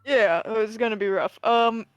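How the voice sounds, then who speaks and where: A woman's voice: on the high side, unhurried, clear, resonant tone, no room sound. Hesitant woman player, dry sound. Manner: casual, hesitant. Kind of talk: casual chat.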